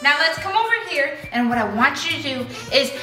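A high-voiced woman vlogger talks to her viewers in a bubbly, gushing way. Her voice sounds bright, and it echoes around a room from some distance off the mic. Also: expressive, fairly quick. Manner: bubbly, chatty, gasps and gushes. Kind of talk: playful chat to viewers about toy llamas. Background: faint music.

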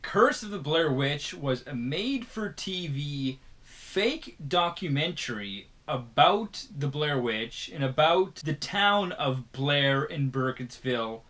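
A man co-hosting a casual horror movie chat, telling the story in a lively, playfully dramatic way. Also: fairly high pitch. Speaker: podcast co-host.

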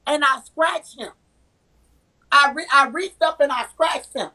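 Woman with a high voice ranting through a story, acts out the fights, cusses a lot, dry sound. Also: a little slow, sharp tone, no room sound, low-quality recording. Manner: emphatic, acts out quoted arguments; profane, repetitive. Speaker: live-stream guest. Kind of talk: heated personal storytelling.

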